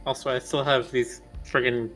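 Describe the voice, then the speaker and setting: A man's voice: mid-range voice, level tone, moderate pace, fairly bright tone, faint music behind. A man from Texas joking around as a co-streamer on a game stream. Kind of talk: casual game-stream banter.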